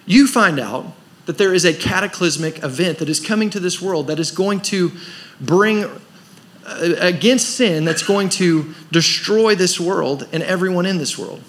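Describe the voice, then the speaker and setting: A man's voice: high voice, measured pace. A man preaching a sermon as pastor of a church, pressing his points with rhetorical questions and rising emphasis. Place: church service.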